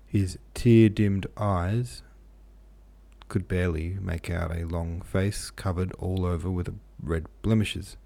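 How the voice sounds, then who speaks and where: Deep gravelly male novel reader. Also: fairly even intonation, dark tone. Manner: measured, occasionally self-correcting. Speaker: audiobook narrator. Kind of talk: reading a classic novel aloud.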